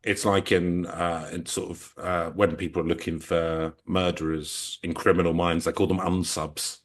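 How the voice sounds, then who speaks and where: A man's voice: deep voice, flat delivery, moderate pace. A man co-hosting a comedy podcast, riffing jokes in a rambling, hesitant way. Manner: rambling, hesitant, joking riffs. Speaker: podcast co-host. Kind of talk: casual comic banter.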